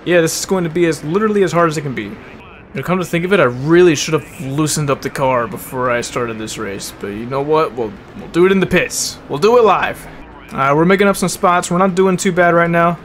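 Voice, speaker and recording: Young male gamer, slightly high voice, slangy chat with angry flare-ups over a racing game. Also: a little fast, a little hiss or hum. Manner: swears a lot and calls people bro; flares into loud angry rants. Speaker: gaming video host. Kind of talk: casual racing game commentary.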